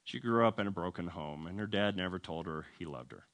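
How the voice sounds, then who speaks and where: A man's voice: low voice, brisk. A man telling a story in a sermon, humorous and self-deprecating, acting out the voices of the people in it. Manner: animated storytelling, acts out quoted voices. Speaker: preacher.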